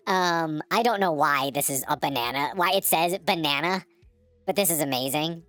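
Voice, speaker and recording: A male streamer running his voice through a voice changer to make a tiny, goofy, pitched-up voice. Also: bright, forceful tone, no echo, exaggerated voice. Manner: goofy, playful.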